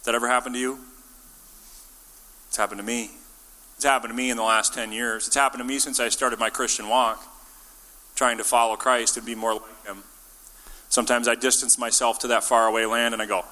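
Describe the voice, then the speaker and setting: A man preaching a sermon in a relaxed, joking way, acting out the characters he quotes. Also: medium pitch, a little fast, pauses often, in a large hall. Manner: casual and jokey, acts out quotes. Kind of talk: conversational sermon. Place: church.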